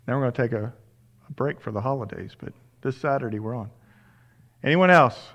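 A man's voice: mid-range voice, steady tone, fast, darkish tone, dull audio. Pastor man leading a church service. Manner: encouraging, thanking each speaker. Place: church sanctuary.

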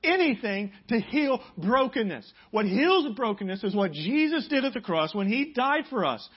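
A man preaching a sermon as pastor, building to loud, emphatic passages and dropping to quiet prayer. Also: big pitch swings, normal speed, breathy edge, highs cut off. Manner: emphatic preaching, rising loud and high on key points.

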